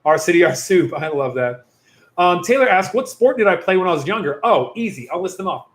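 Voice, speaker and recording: A man's voice: sits high, sing-song, fairly quick. A man hosting a casual youth Q&A livestream as a youth pastor, rambling and chatty, often breaking off mid-sentence. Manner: rambling, chatty, self-interrupting. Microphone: computer or phone mic on a video stream. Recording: echoey room.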